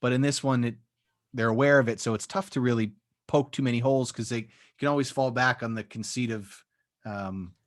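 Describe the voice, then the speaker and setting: A man's voice: mid-range voice, fairly even intonation, fairly quick. A man co-hosting a podcast, chatting casually about a movie and often hedging with "like" and "um". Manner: rambling, hedging with "like" and "um". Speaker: podcast co-host. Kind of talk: casual chat.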